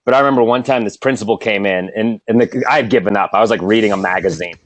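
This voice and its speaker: A man's voice: fairly low pitch, fast talker, dry recording. A man guesting on a podcast, telling wry, profane stories in a casual chat. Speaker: guest comedian.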